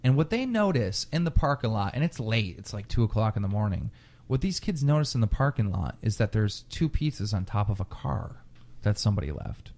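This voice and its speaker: Profane, animated man telling a story. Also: fairly low pitch, a little fast, vocal fry. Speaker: podcast host. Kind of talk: casual storytelling.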